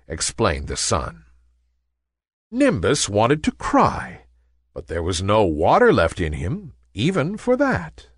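A man reading a children's bedtime story aloud in an expressive, sing-song way. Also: lowish voice, slow pace, slightly rough, no echo, clean studio sound.

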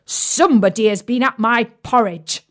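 A woman's voice: a little high, moderate pace, lightly acted. A woman voicing a great huge male bear in a storybook reading, in close to her own voice. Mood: indignant.

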